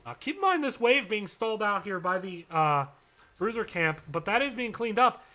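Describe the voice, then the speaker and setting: A man giving live play-by-play commentary on an esports match, brisk and chatty with playful asides. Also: sits high, sing-song, pushed and bright. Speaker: esports caster.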